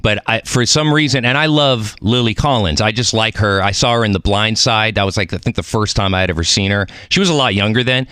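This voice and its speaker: A man hosting a podcast, telling stories in a chatty, animated, playful way. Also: on the low side, a little fast, few pauses, dry recording, clean studio sound. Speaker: podcast host. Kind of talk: casual chat.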